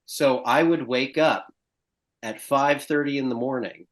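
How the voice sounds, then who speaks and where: A man's voice: mid-range voice, unhurried. A man guest on a podcast, telling stories in casual conversation and acting out the voices of people he quotes. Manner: animated storyteller, acts out quoted voices. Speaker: actor and stand-up guest.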